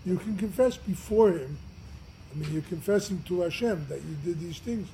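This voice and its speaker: Rabbi giving a class, slightly high voice, earnest and emphatic, faint noise behind him. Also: male voice, animated, moderate pace, rough recording. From United States. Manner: earnest, emphatic, swings from loud to quiet. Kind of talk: storytelling Torah class.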